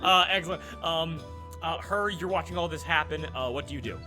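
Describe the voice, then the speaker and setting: A man runs a tabletop role-playing session as game master. He narrates in a loose, easygoing way, full of fillers, with a voice sitting a little high for a man. Music plays behind him. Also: brisk, bright, forceful tone. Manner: casual, filler-heavy, laughing often.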